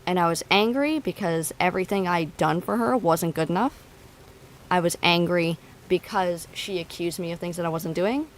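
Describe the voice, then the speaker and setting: A woman's voice: fairly low pitch, normal speed, a little hiss or hum, poor audio. A woman streamer talking to her chat, venting bluntly and swearing freely. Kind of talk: casual talk to stream chat.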